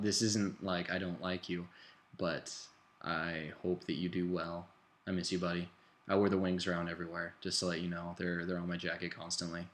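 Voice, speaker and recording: A man's voice: deep voice, a little hiss or hum. A young American man from the United States recording a casual video diary at home, rambling and self-deprecating, often restarting his sentences. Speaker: exchange student vlogger. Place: indoors at home, living room.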